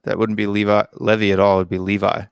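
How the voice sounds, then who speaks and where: A man's voice: lowish voice, completely flat delivery, rapid-fire, vocal fry, clear, resonant tone, no room sound, studio quality. An American man hosting a casual live-stream call-in show, reading out viewer comments and musing on them aloud. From United States.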